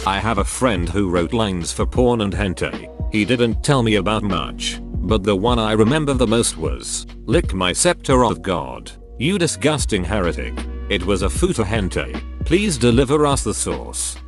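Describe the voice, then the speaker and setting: A man reads out online posts one after another in a scripted narration. His voice sits low, but his pitch rises and falls with lively movement. Soft music plays faintly behind him. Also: moderate pace, few pauses.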